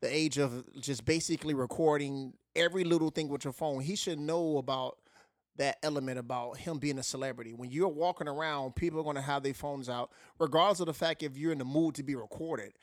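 A man's voice: fairly high pitch, a little fast, no echo. A male podcast co-host speaks earnestly and at length, laying out his point. The sound is dry and close to the mic. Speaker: podcast co-host, former athlete. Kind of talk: casual podcast chat.

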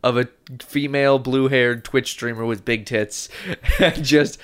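A man's voice: mid-range voice, fairly even intonation, measured pace, clean tone. A man co-hosting a casual comedy podcast, joking profanely and laughing often. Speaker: podcast co-host.

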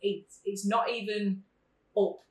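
A woman's voice: mid-range voice, little pitch movement, slow. A woman from England, chatting as a podcast guest and telling stories animatedly, swearing freely and laughing often. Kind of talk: casual chat. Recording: echoey room, distant mic.

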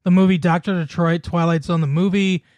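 A man's voice: sits high, steady tone, brisk, darkish tone, no room sound, muffled recording. A man co-hosting a podcast in casual chat, laughing often and rattling off lists. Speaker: podcast co-host.

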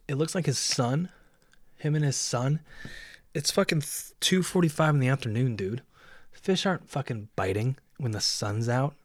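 A man's voice: mid-range voice, no room sound, studio quality. A man hosting a solo podcast from indoors, ranting in a profane, sarcastic, rambling way. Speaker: podcast host. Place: indoors by a window.

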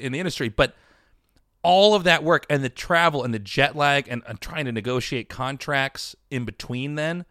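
A man's voice: mid-range voice, moderate pace, fairly bright tone, dry recording, clean studio sound. A man telling a long personal story in casual chat, rambling with restarts and swearing.

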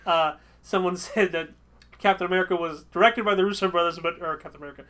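A man in casual conversation about films, quick to chime in and finish other people's sentences. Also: sits high, steady tone, sharp tone. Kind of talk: casual movie discussion.

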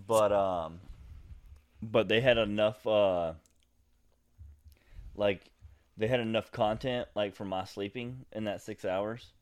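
A man's voice: fairly low pitch, fairly even intonation, takes it slowly, long pauses, clear, resonant tone. A man co-hosting a podcast in casual chat, rambling with lots of filler words. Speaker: podcast co-host.

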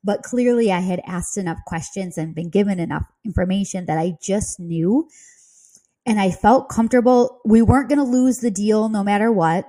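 A woman hosts a real estate podcast and tells her story in casual, chatty asides, giggling often along the way. Her voice is mellow and warm and sits at a middle pitch. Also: moderate pace.

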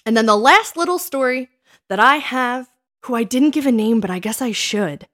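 A woman in her thirties, co-hosting a casual chat and telling her dating stories in an animated way, acting out what people said. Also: a little high, moderate pace. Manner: animated storytelling, acts out quoted lines. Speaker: podcast co-host.

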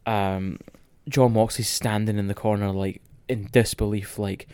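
A young Scottish man recapping a wrestling match in casual, excitable, sweary podcast chat. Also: fairly low pitch, a little slow, hardly any pauses, dry recording.

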